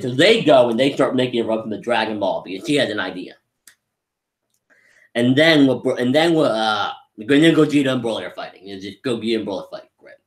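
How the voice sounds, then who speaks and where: A man's voice: medium pitch, expressive, fairly quick. A young man rambling enthusiastically through a casual live movie review, often restarting his sentences. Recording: roomy echo.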